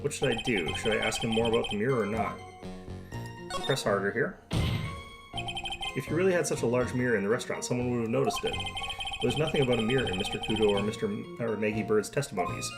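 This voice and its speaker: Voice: mid-range voice, quick pace, lightly acted. A streamer voicing a flustered young male defense lawyer in a video game, with wry, mildly exasperated inner monologue. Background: loud game music.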